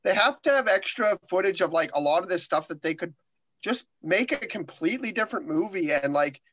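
A man's voice: high-pitched, expressive, a little fast, fairly bright tone, muffled recording, a little hiss or hum. A man in casual conversation about movies, rambling with many restarts. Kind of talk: casual chat.

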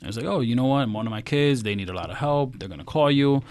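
A man's voice: medium pitch, quick pace, a crowd in the background. A middle-aged man from Queens, a financial advisor telling stories in a casual interview and acting out the quotes. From Queens, New York. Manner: animated, acts out quotes.

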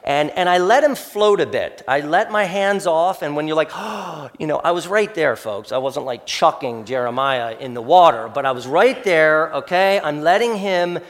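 High-voiced pastor preaching in a reverberant hall. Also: male voice, expressive, moderate pace, few pauses. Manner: conversational preaching, often calls listeners folks. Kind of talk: sermon. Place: church sanctuary.

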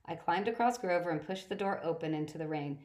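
Low-voiced woman narrating a story. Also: fast. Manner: steady reading with occasional slips and restarts. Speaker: audiobook reader. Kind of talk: first-person story narration.

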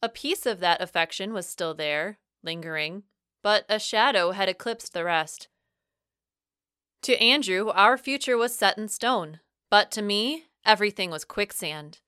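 A young adult woman reads a first-person audiobook with expressive shifts in pitch and loudness. Her voice is bright, crisp and smooth. The sound is dry and close. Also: measured pace, no room sound. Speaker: audiobook narrator.

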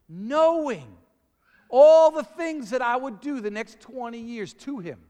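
A man preaching with lively, call-and-response energy, his voice sitting high for a man. His words ring out into a big hall with a long reverb tail. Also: measured pace. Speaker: pastor. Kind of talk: sermon.

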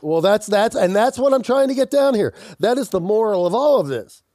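A man co-hosting a podcast in casual chat, with an intense, aggressive way of talking when he gets into something, and quick to laugh. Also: high voice, animated, mellow, no echo, clean studio sound. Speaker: podcast co-host.

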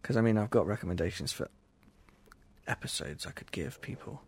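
Gravelly, husky man. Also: expressive, a little fast, darkish tone. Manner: jokey, playful, bursts into high put-on voices. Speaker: podcast co-host. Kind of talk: casual chat.

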